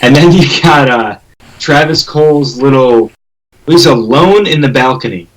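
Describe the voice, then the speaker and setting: A man co-hosting a podcast, rambling quickly about a movie scene with laughs mixed in. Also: mid-range voice, slight background noise, poor audio. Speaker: podcast co-host. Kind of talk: casual chat.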